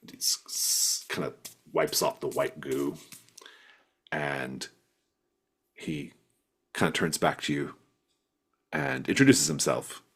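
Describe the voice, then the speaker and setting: A man's voice: extremely low pitch, sing-song, slow, gravelly, pauses often, a bit bright, breathy edge. A man narrating as game master of a tabletop role-playing game, loosely, with lots of fillers. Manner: loose, rambling with many fillers.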